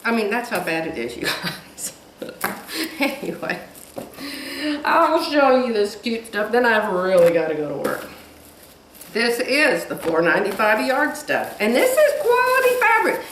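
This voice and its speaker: A woman's voice: on the high side, very animated, measured pace, a bit bright, reverberant, distant mic, a little hiss or hum, low-quality recording. A woman vlogging from home in a chatty, gushing way, laughing often as she talks. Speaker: quilting vlogger. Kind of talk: casual chat to camera. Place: home room.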